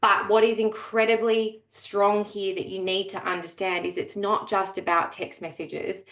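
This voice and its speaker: A woman's voice: medium pitch, level tone, moderate pace, fairly bright tone, roomy sound. A woman coaching real estate agents in a webinar, speaking energetically and emphatically straight to her audience. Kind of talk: webinar presentation.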